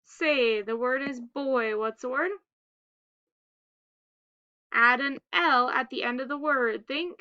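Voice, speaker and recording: A woman teacher guides young children in phonics, using a high voice that is smooth and bright. She pronounces each word carefully and slowly as deliberate prompts, captured with a somewhat dull, lo-fi home-style quality.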